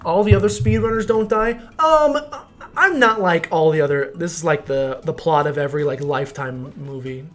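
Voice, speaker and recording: A man's voice: fairly high pitch, moderate pace, fairly bright tone. A young man streaming a game, rambling jokily with mock-serious explanations, faint game music behind. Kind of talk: casual gameplay commentary.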